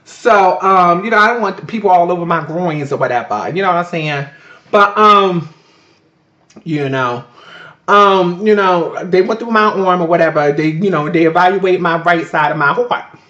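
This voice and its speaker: A man tells his story straight into a webcam in a chatty, profane way. His high voice has a bright, sharp edge. The lo-fi webcam audio sounds dull and echoes off the room. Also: normal speed. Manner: profane, chatty, addresses viewers as "Miss Girl". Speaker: vlogger. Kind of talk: casual storytelling to camera.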